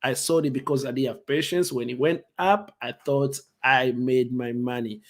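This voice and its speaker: A man's voice: medium pitch, moderate pace. Easygoing man chatting on a live stream. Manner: relaxed, repeats key points, frequent "like" fillers. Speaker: stock investing vlogger. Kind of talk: casual live-stream talk to viewers.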